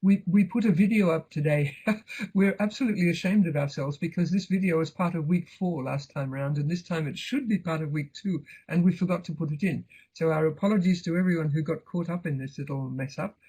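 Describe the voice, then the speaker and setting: A man co-tutoring a live online course, speaking in a relaxed way full of fillers, through a computer mic. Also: a little high, brisk, husky, rough recording. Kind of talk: live online seminar talk.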